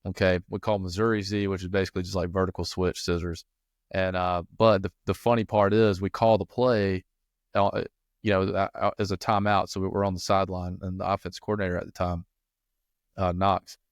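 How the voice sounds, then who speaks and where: A man co-hosting a coaching podcast, talking in a fairly low voice. He rambles through stories, circling back with restarts and fillers. The sound is dry and close, with no room around it. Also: flat delivery, brisk, no echo. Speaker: football coach and podcast co-host. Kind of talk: casual podcast chat.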